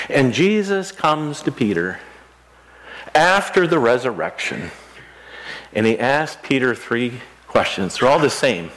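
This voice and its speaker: A middle-aged pastor preaches in a church in an easy, conversational way. He asks the congregation questions, and his pitch rises and falls a lot as he talks. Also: big pitch swings, a little slow, a bit bright. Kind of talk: sermon. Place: church sanctuary.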